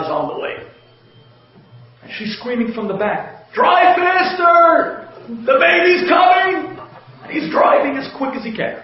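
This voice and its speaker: A man telling a humorous inspirational story in an animated way, chuckling as he goes. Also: high-pitched. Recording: very echoey, dull lo-fi audio.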